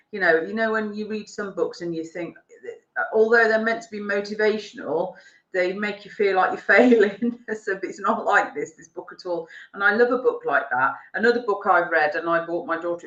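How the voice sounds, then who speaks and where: A chatty, affectionate woman co-hosts a live stream, her voice bright and lively. The sound is dull and lo-fi, with a roomy echo around her. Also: medium pitch. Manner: chatty, affectionate, laughs often. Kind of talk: casual chat.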